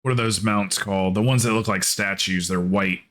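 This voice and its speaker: With a voice on the low side and a normal speed, a man chats casually while streaming a game. He's profane and rambling, laughs frequently, and animatedly mimics others in quoted bits.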